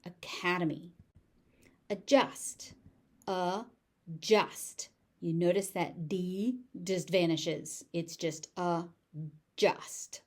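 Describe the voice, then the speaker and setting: This is a middle-aged woman with a General American accent, leading a vocabulary pronunciation drill. She speaks very slowly in a fairly low voice. She repeats each word carefully and stretches out its syllables. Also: a little mellow. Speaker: pronunciation teacher. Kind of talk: slow instructional word drill.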